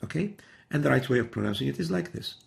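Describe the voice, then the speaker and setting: Speaking fast and animated, a middle-aged man with a mid-range, creaky voice gives a methodical Quran recitation lesson. He demonstrates each sound by repeating example words.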